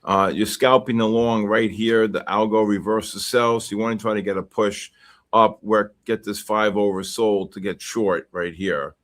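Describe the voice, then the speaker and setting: A man hosting a live trading stream, calling price levels and teasing viewers in chat with excitable, repetitive banter. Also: fairly low pitch, moderate pace. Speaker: livestream trading host.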